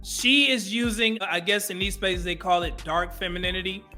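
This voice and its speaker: A man's voice: high-pitched, fairly even intonation, normal speed, bright, forceful tone, faint music behind. A man hosting his own channel, reacting to a clip in an earnest, conversational way and speaking directly to his viewers. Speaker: commentary channel host. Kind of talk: reaction commentary.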